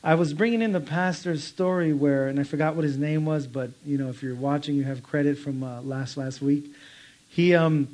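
A man's voice: a little high, moderate pace, darkish tone. Chatty storytelling male preacher. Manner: conversational storytelling with quoted voices; laughs while telling stories. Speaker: pastor. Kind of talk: informal sermon.

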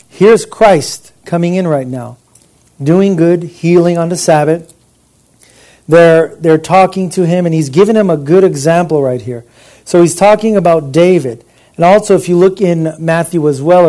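Mellow-voiced man teaching scripture. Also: fairly high pitch. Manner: rhetorical questions to listeners; conversational, with restarts. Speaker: Bible teacher. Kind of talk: informal Bible teaching.

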